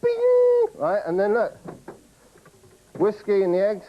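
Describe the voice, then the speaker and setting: Male comic host, rambling and boastful to camera, a little high-voiced. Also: steady tone, a little slow, dull audio. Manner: rambling, boastful, chatty with frequent "right?". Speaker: comedy show host.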